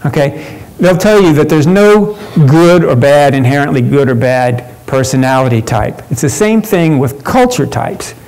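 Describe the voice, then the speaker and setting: Guy presenting at a conference workshop, kinda high voice, lots of uhs and restarts. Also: expressive, moderate pace, few pauses, darkish tone, low-quality recording. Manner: conversational, with frequent fillers and restarts.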